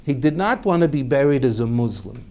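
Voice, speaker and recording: A man's voice: mid-range voice, expressive, a little fast, mellow. A man telling a family story aloud, animatedly acting out each character's voice.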